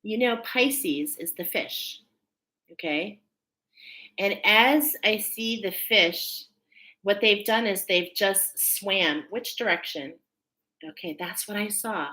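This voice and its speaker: A woman's voice: mid-range voice, pushed and bright. A woman hosting a live stream as a spiritual reader, chatting casually and spontaneously, thinking aloud and laughing often.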